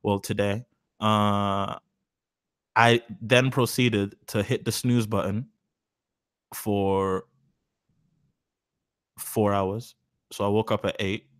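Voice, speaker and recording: A man's voice: on the low side, fairly even intonation, takes it slowly, pauses often, clear, resonant tone, dry recording, studio quality. A young man in his twenties hosting a live stream, talking in a rambling, profane, self-mocking way on a cheap mic. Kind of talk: casual live stream chat. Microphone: cheap mic said to sound bad.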